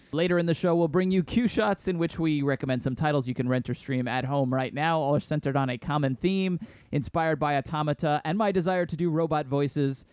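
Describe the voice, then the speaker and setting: A man's voice: a little high, brisk, a little mellow, smooth, no echo, clean studio sound. A man co-hosting a film podcast, bantering with self-mocking jokes and running the segments. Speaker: podcast co-host. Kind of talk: casual film review chat. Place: New York City studio.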